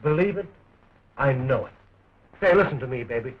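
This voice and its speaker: A man's voice: medium pitch, animated, normal speed, natural voice. An actor playing a joking young man who fights to free his sweetheart, in early talkie film style, with a dull, scratchy 1920s film sound.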